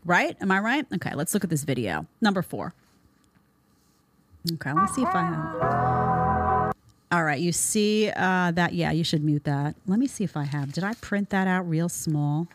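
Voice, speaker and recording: A woman's voice: lowish voice, lively intonation, moderate pace, hardly any pauses, over loud music. A woman in her thirties hosting a commentary show, blunt and sarcastic in her opinions. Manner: blunt, sarcastic, mocking voices in quotes.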